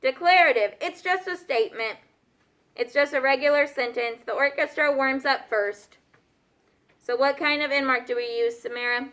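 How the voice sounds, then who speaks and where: A woman's voice: sits high, normal speed, fairly bright tone. A woman teacher leading a grammar review in a classroom, checking in often with "okay?" and "right?". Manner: patient, checks understanding with frequent "okay?" and "right?". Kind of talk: classroom lesson.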